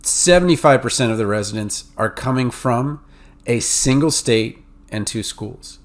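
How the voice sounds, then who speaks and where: A man's voice: mid-range voice, moderate pace. A man with a New England and Mid-Atlantic accent hosts a podcast, explaining in a casual, conversational way with lots of fillers and restarts. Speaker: podcast host advising pharmacy students.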